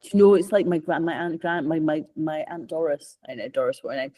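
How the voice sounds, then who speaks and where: A woman's voice: low voice, fast talker, mellow. Chatty Scottish woman who laughs often. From Scotland. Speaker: podcast co-host. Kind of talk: casual chat.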